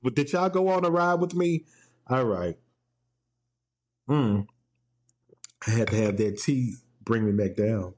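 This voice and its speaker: Man, playful, laughing often, casual podcast chat, mid-pitched voice. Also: measured pace, pauses often, darkish tone. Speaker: podcast host. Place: home.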